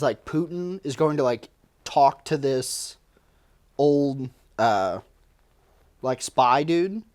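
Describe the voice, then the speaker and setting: Dude hyped up talking movies, higher voice, laughs a lot, swears constantly. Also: male voice. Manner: excitable, swears a lot, laughs often, many fillers. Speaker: podcast producer, guest host. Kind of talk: casual chat.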